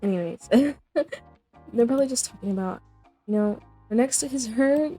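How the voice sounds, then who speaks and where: Over faint background music, a young gameplay host talks at a moderate pace in a fairly high, mellow voice. She chats and rambles casually about her life-sim gameplay, voicing what her characters say.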